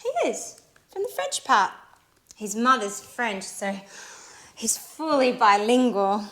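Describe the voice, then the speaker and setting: An eager, excitable young woman. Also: fairly high pitch, takes it slowly, exaggerated voice. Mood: chatty. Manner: chatty and excitable. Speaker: Alice, character in a learning sitcom. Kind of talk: scripted sitcom acting for learners.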